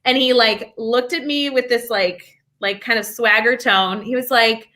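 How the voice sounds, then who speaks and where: A young adult woman talking as a podcast guest, an educator telling stories in an energetic, upbeat way. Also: a little high. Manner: energetic, upbeat storyteller with quick asides. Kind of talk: casual interview chat.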